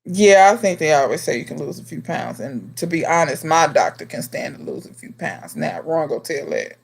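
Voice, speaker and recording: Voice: medium pitch, moderate pace, gravelly, breathy edge. A home gardener hosting a casual live question-and-answer stream, chatting straight to viewers by name and scolding them in a teasing way. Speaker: livestream host and home gardener.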